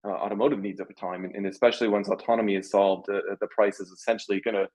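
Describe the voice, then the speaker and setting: A man's voice: on the low side, steady tone, very fast, darkish tone, voice pushed down, natural voice, rough recording. Man doing a comic impression: terse tech CEO, wobbly South African accent, dismissive. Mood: matter-of-fact. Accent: South African, put on.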